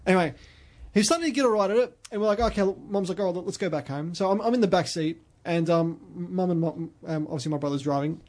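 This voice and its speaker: Fast-talking Australian man telling stories. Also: high voice, darkish tone. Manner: rambling storyteller with many restarts. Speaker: podcast host. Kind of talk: casual chat.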